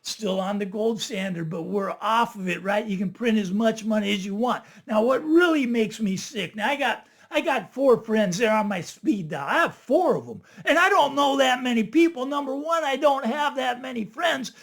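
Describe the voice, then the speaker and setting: Man, very high voice, casual to-camera monologue, animated, chatty. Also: moderate pace, few pauses. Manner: animated, chatty, keeps asking "right?". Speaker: finance video host.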